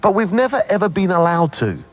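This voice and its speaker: A man from Britain hosting a call-in talk radio show, blunt, opinionated and excitable. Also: high voice, a little fast. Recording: muffled 1990s radio broadcast.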